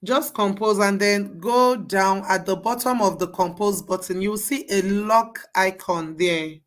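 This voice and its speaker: A woman's voice: medium pitch, unhurried. A woman leading a live class, walking students through each step and repeating herself to coax them along. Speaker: bootcamp instructor.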